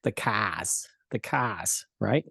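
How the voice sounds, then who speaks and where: A man's voice: fairly low pitch, very slow, creaky, husky, no echo, studio quality. A man from Rochester, New York, co-hosting a casual album-review chat, rambling and correcting himself as he goes. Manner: rambling, self-correcting, animated asides. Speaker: co-host.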